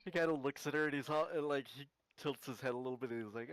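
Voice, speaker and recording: A man's voice: mid-range voice, fast talker, no room sound. A man playing a tabletop game, casually narrating his character's actions. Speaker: player.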